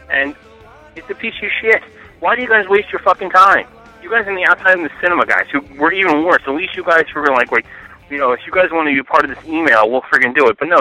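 A man rants fast and hard into a voicemail, swearing all the way through. His voice is bright and forceful, and he speaks a little above the usual male pitch. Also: poor audio. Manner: profane, ranting, fast. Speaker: caller leaving a voicemail. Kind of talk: angry phone rant.

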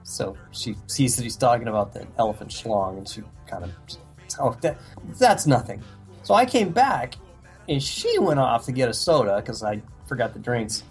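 A man's voice: mid-range voice, very animated, normal speed, slightly rough, soft background music. A man co-hosting a casual comedy podcast, telling jokes with dry, teasing banter. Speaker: podcast co-host.

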